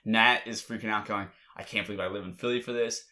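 A man with a low, bright, forceful voice chats casually about his team. He tells the story emotionally, rambling and restarting often. It is a relaxed back-and-forth between two fans. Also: quick pace. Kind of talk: casual chat.

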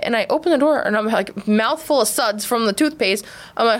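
A woman, co-hosting a podcast in casual chat, telling stories with lively quoted voices. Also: fairly high pitch, fairly quick. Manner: animated storytelling with quoted voices. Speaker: podcast co-host.

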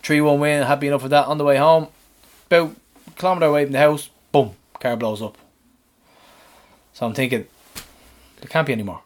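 A man, co-hosting a podcast and animatedly retelling his week, swearing and shouting out the lines he quotes. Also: fairly high pitch, brisk. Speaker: podcast co-host. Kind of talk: casual storytelling chat.

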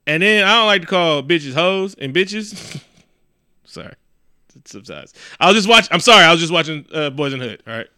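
A man co-hosting a casual podcast, telling stories in a profane, animated way and acting out the people he quotes. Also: a little high, quick pace, clean tone. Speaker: podcast co-host. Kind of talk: casual chat.

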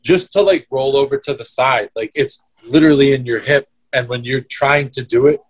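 A man's voice: mid-range voice, moderate pace. A young man telling a story in casual chat, swearing freely and replaying events step by step. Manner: swears a lot, vivid play-by-play retelling.

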